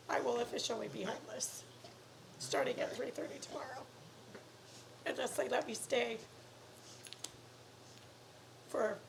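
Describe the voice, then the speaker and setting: Woman, emotional on-camera appeal, earnest and pleading, near tears; fry in the voice, faint noise behind. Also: sits high, low-quality recording. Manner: earnest, pleading, drops to soft whispery words. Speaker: YouTuber asking for donations. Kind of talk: emotional personal appeal to viewers.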